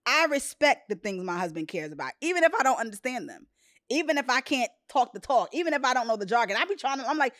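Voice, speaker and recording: A woman hosting a podcast, chatting casually and telling personal stories with expressive, quoted voices. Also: on the high side, quick pace, no echo, clean studio sound. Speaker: podcast host. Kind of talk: casual chat.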